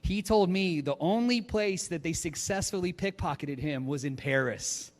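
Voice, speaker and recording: A man preaching as a pastor, telling a story in an animated, lively way in a large church auditorium. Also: a little high, normal speed. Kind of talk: storytelling sermon. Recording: long hall reverb.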